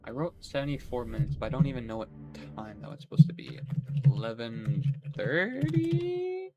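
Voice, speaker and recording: A man's voice: mid-range voice, fairly even intonation, quick pace, highs cut off, loud music behind the voice. A young man chatting casually during a game stream, rambling, swearing and laughing often. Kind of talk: casual gaming stream chat.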